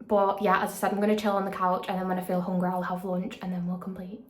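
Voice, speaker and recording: A woman's voice: on the low side, monotone, fast talker. A young woman, an online fitness coach, chatting casually to camera at home in a rambling way that repeats itself. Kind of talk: casual vlog chat.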